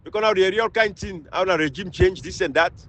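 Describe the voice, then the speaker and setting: A man from Sierra Leone with a Krio accent, delivering a fiery, scolding political rant that swings between loud outbursts and low mutters. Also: brisk, low-quality recording. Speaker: political commentator.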